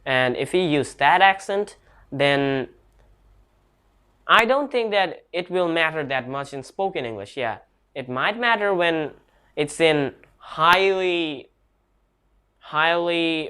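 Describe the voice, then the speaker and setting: This online English teacher has a voice on the high side, with a lively, pushed, bright and clean quality. Still, his casual lesson comes out slow and halting, full of restarts and non-native grammar.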